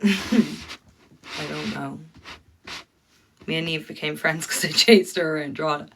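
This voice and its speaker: A woman's voice: low voice, unhurried, background noise. An Irish woman ranting bluntly to her viewers on a livestream, swearing freely and talking straight to them.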